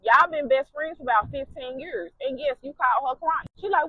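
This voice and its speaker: Woman vlogger, high-pitched and blunt, on a dull-sounding mic. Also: brisk, few pauses, no echo. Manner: blunt, profane, animated. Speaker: storytime vlogger. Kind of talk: casual storytelling, second person.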